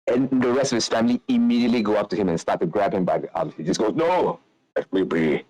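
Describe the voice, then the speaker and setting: A man's voice: lowish voice, racing, a little mellow, dry recording, lo-fi sound. A man narrating as game master, in loose, rambling descriptions.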